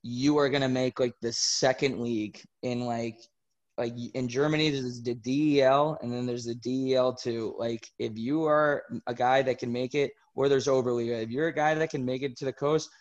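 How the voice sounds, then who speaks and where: A young man in his twenties, a former hockey player answering podcast questions in a relaxed, explaining way. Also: medium pitch, moderate pace, dull audio. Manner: relaxed, explanatory, run-on sentences. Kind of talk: casual interview answers.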